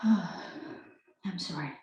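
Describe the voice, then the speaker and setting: A woman reading the part of a weary, tearful mother, halting and apologetic, in an echoey room at a live reading. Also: on the low side, a little mellow, recorded from a distance, voice pushed down. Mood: weary rambling. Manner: halting, apologetic, breathy sighs. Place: live reading event indoors.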